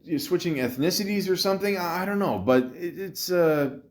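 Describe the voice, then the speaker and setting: A man's voice: high-pitched, fairly quick. A man hosting a podcast alone, chatting casually about a movie in a rambling, joking way, full of swearing, fillers and restarts. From half Italian, half Greek heritage. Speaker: podcast host. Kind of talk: casual solo podcast commentary.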